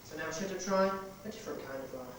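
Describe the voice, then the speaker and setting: A man rehearsing a stage play as a stern police inspector, questioning in a measured, relentless way. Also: on the high side, a bit bright, recorded from a distance, natural voice. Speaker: amateur stage actor. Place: rehearsal hall. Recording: echoey hall recorded from afar, noisy.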